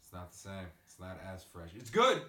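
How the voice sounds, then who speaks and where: Low-voiced man ranting on a podcast. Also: a little fast, distant mic, a crowd in the background. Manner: ranting, profane, animated storytelling. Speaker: podcast host. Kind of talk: casual podcast chat. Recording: echoey room, away from the mic.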